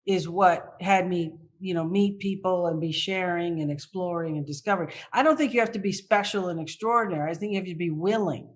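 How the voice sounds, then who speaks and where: A woman guest telling candid personal stories in an interview, animated and acting out her past thoughts. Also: on the low side, a little fast, few pauses.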